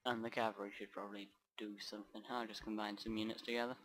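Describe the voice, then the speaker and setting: A man's voice: fairly low pitch, little pitch movement, fast, fairly bright tone, rough recording. A man giving rambling let's play commentary over a strategy game, often trailing off and restarting his sentences. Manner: rambling, off-track, self-interrupting.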